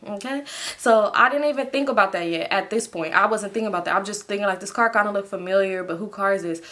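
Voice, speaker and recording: A woman's voice: mid-range voice, sharp tone. A young woman telling a storytime vlog in a casual, slangy way, swearing freely and talking straight to her viewers. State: sleepy. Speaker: storytime vlogger.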